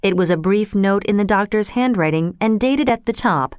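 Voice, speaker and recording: A woman reading a story aloud in steady, scripted narration. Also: mid-range voice, normal speed, hardly any pauses, smooth, no echo, studio quality.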